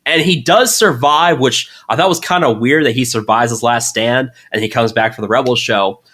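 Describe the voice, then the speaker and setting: A man sitting in as co-host on a casual podcast, talking eagerly and rambling. He leans on fillers and restarts, and his voice sits at an average pitch for a man. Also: normal speed, fairly bright tone. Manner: enthusiastic, rambling, lots of fillers.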